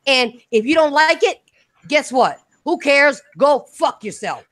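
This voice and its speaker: A woman with an Irish accent hosting a live gaming podcast, brash and excitable, swearing freely as she talks. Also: high voice, measured pace, no room sound. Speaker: podcast host.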